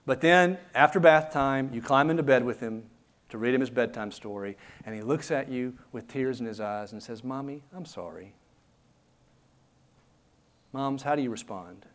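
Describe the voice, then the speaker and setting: A man's voice: medium pitch, moderate pace. A man preaching a sermon as pastor, earnest and conversational, putting rhetorical questions to his listeners.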